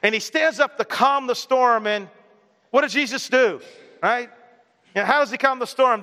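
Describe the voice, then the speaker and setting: A man preaching with a high, bright voice that carries a long reverb, as in a large church hall. He talks in a relaxed conversational way and keeps putting questions to his listeners. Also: normal speed, a little hiss or hum. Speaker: pastor. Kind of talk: sermon.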